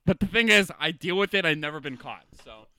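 A young man co-hosting a podcast, telling crude bathroom stories in animated casual chat and laughing along. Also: fairly high pitch, fairly quick. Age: young adult. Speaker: podcast co-host.

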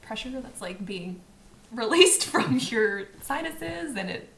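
A woman's voice: on the high side, expressive, slow, gravelly, fairly bright tone. A woman who is a medical resident, chatting casually on a podcast, hedging her answers with lots of "like" and laughing often.

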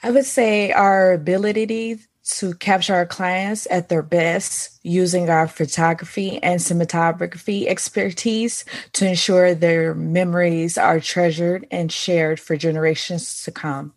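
A woman photographer from Virginia, answering interview questions in a measured, composed way over a remote call. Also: lowish voice, fairly even intonation. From Virginia, United States. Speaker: guest photographer.

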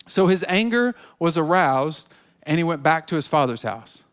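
A man's voice: a little high, lively intonation, moderate pace, a bit bright, clear, resonant tone. A man preaching a sermon, retelling a Bible story with casual asides and acting out its characters' lines. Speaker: pastor.

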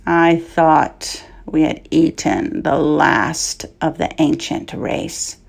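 A woman voicing a huge, wicked, boastful male dragon in a storybook, speaking in a slow, sneering, menacing way. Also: low-pitched, vocal fry, full character voice.

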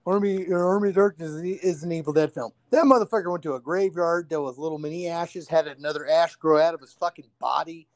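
A man co-hosting a podcast, talking in a casual, animated way and swearing freely. He acts out little quotes as he tells his stories, and his voice sits a bit higher than most men's. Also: fast, few pauses, dry recording. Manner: animated, profane storytelling with acted-out quotes. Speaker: podcast co-host.

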